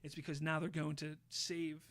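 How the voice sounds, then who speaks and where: A man hosting a podcast, casually retelling a show's plot with lively, swear-laden storytelling. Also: a little high, normal speed. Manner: animated storyteller, swears freely, acts out quotes. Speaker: podcast host.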